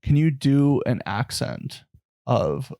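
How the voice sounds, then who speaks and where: A man hosting a comedy podcast, playing along with bits in a laid-back deadpan. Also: medium pitch, slow pace, vocal fry, no echo, clean studio sound. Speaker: podcast host. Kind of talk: casual podcast banter.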